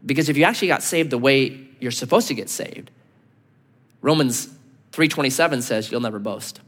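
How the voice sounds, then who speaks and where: A man preaching as pastor, telling stories with animated delivery and acting out the people he quotes. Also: mid-range voice, moderate pace. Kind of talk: sermon. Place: church sanctuary. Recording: long hall reverb.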